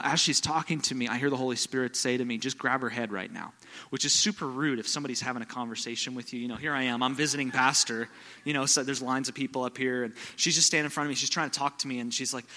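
A man preaching a sermon as a visiting pastor, telling stories and swinging from quiet, low passages to loud, excited bursts. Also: gravelly, big-room sound. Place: church.

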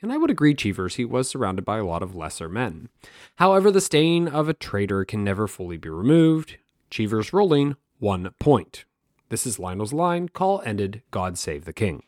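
A man's voice: mid-range voice, big pitch swings, normal speed, no room sound, studio quality. A man hosting a history podcast on his own, wry and self-mocking and swearing freely. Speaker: podcast host. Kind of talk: solo history podcast monologue.

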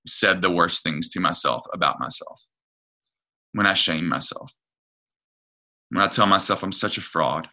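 A man preaches in an easy, conversational way, his fairly low voice carrying a very bright, forceful edge. He retells a story earnestly, stumbling and restarting as he goes, then presses his point home. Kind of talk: conversational sermon.

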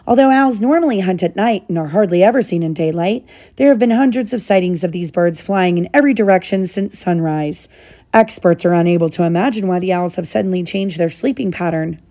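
A woman's voice: lowish voice, fairly quick, warm tone, close to an everyday voice. A woman reading as a formal male newsreader. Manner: formal news delivery.

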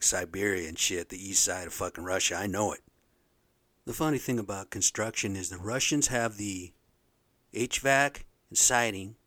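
A middle-aged man hosting a podcast, ranting in a blunt, profane, animated way. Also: fairly low pitch, no room sound. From Pacific Northwest of the US. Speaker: podcast host. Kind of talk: casual rant monologue.

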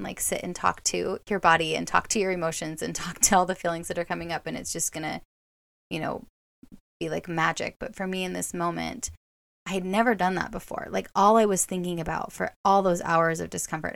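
Female podcast host, reflective and halting storyteller, lots of vocal fry, dry close sound. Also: fairly low pitch, no room sound. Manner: reflective, halting, many fillers and restarts. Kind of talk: personal storytelling.

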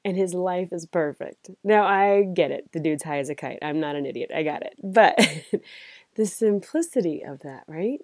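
Woman podcast host just rambling on her airpods at a cabin, laughs a lot, mellow voice. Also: fairly low pitch, moderate pace, no echo. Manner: chatty, rambling, laughs often. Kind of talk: casual reflective monologue. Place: family cabin.

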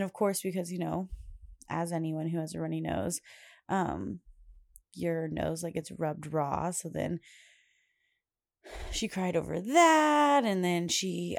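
A young woman talks casually as a podcast host, rambling through everyday stories and laughing often. Her voice sits a bit low for a woman. The sound is dry and close, with no room echo. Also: gravelly. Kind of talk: casual chat.

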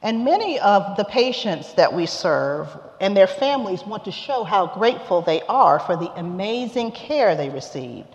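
A lay preacher reading scripture and giving a sermon in a church sanctuary, with a measured, deliberate delivery. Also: medium pitch, very animated. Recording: echoey hall, dull sound.

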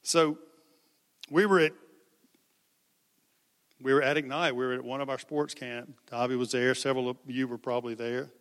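A man's voice: medium pitch, flat delivery, normal speed, long pauses, fairly bright tone. A male preacher giving an impassioned sermon, repeating phrases for emphasis. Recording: long hall reverb.

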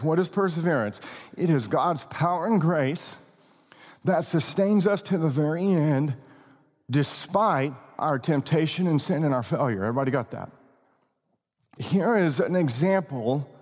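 A man preaching a sermon, stressing words slowly and often checking that the congregation follows. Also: on the high side, a little mellow, in a large hall. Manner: emphatic preaching with slow drawn-out stresses and questions to the congregation. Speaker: pastor.

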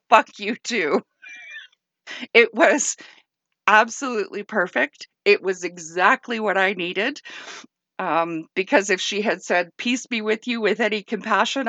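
A woman's voice: on the low side, fairly bright tone, no echo. A middle-aged woman, a former clergy member, hosting her podcast and telling candid, self-deprecating stories with frequent laughter. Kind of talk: casual storytelling monologue.

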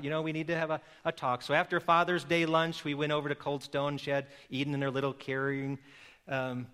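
A middle-aged man preaches to his congregation in a relaxed, storytelling way, often turning to them with questions. His voice sits a little high for a man and sounds bright and forceful. It rings out with the long reverb of a large church hall. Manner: conversational, playful storytelling, asks the congregation questions. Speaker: pastor. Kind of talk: sermon. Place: church service.

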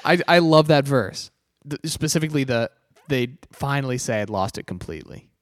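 A man co-hosting a podcast, trading crude jokes in a mid-pitched voice with a lively, varied delivery. He swears often, and the recording is dry and close. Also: a little fast, dry recording. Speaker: podcast co-host. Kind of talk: casual chat, reading lyrics aloud.

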